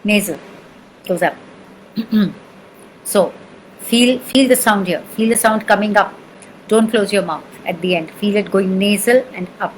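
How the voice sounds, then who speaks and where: A woman's voice: mid-range voice, measured pace, long pauses, slight background noise, poor audio. A woman with an Indian accent teaching sound healing, patiently repeating syllables and checking that the listener follows. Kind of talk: spoken lesson with chanting demonstrations.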